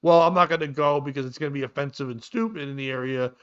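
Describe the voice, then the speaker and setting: A man's slightly high voice comes across fast, a bit bright, clear and resonant as he hosts a comedy podcast. He rambles and swears through a casual comedic rant, and the recording is dull and lo-fi.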